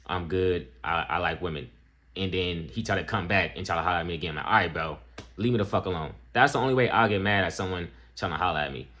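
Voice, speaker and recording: A young man with a low, deep voice talks over a video he is reacting to. He is loose and profane, drawling through his points, then rising sharply when he gets worked up. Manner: laid-back, profane, jumps to high excited peaks. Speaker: reaction streamer. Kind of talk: casual reaction commentary.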